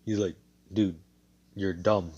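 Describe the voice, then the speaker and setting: A man's voice: sits low, fairly even intonation, takes it slowly, darkish tone, slightly rough, dull audio, exaggerated voice. A man voicing a brash, carefree young male hero in a casual, slangy way, improvising a fan story. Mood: exasperated. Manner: cocky, laid-back, slangy.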